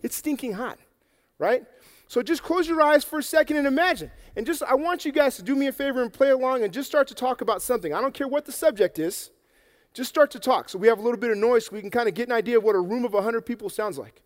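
A man telling a Bible story to children in a lively, playful way, acting it out and getting out of breath. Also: very high voice, fast talker, in a large hall. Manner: energetic, playful, acts out the story. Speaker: children's preacher. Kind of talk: animated Bible story for kids. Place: church hall with an audience.

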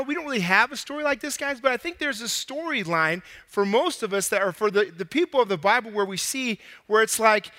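A man preaching a casual, animated sermon to a young crowd, out of breath, acting out bits of dialogue in slang. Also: high voice, big-room sound.

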